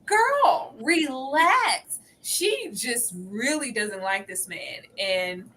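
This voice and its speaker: Woman panelist, high lively voice, dramatic reenactments, faint noise. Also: drawn-out words. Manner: animated, laughing, acts out quotes in shrill voices. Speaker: podcast panelist. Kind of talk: casual reality TV recap chat.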